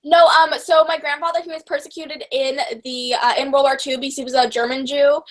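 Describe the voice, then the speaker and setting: Young woman on a video call, high voice, bubbly and rambly, lots of likes and ums. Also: level tone, fairly quick. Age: young adult. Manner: bubbly, rambling with many fillers. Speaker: booktuber host. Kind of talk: casual chat.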